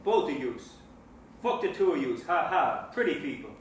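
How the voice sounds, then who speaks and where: A man's voice: fairly high pitch, sing-song, moderate pace, slight background noise. An actor playing a menacing, foul-mouthed neighborhood gangster man. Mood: hostile. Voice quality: crude and intimidating. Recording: echoey room, mic at a distance.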